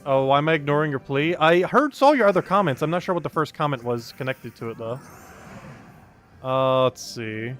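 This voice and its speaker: A man's voice: a little high, lively intonation, normal speed, a bit bright, soft background music. A man streaming a game live, chatting casually, reading and greeting chat, and laughing often.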